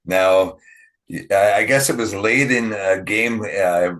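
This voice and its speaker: A podcast host with a very low voice and a bright, forceful edge. He asks his guest questions in a friendly, measured way, as if from prepared notes. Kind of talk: interview questions.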